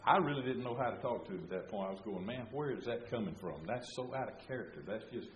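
Folksy older preacher, roomy sound. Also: male voice, on the low side, lively intonation, fast, recorded from a distance, dull audio, slight background noise. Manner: folksy, rambling, grows loud and fervent. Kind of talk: sermon storytelling.

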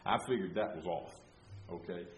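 Folksy older preacher, roomy sound. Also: male voice, deep voice, moderate pace, recorded from a distance. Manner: folksy, rambling, grows loud and fervent. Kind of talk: sermon storytelling.

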